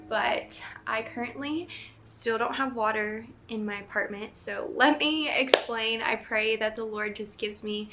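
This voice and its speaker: A woman's voice: a little high, a bit bright. A young woman, talking casually to her camera from her apartment, emotional and laughing often. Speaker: vlogger.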